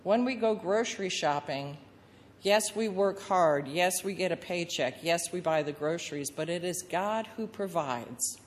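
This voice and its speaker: A woman's voice: lowish voice, expressive, a little slow, slight background noise. Woman preacher in a reverberant sanctuary. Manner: storytelling with acted-out voices of the crowd and Jesus. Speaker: pastor. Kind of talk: sermon.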